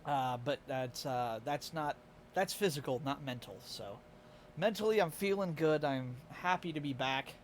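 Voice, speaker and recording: Man, Midwestern accent, a bit higher-pitched, chatty, self-deprecating, a little tired, live-stream chat. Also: unhurried, a little hiss or hum. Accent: Midwestern American.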